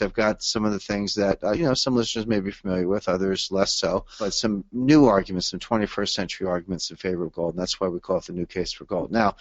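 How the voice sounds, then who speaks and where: Low-voiced man on dull lo-fi call audio. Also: dry recording. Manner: measured, explanatory, with frequent "uh" fillers. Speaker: author guest on webinar. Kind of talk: explanatory webinar talk. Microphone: call or webinar audio line.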